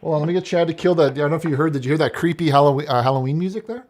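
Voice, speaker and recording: A man's voice: a little high, rapid-fire, a little mellow. A man hosting a call-in show, chatting casually with callers and teasing them in a dry, unflappable way. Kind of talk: casual radio chat.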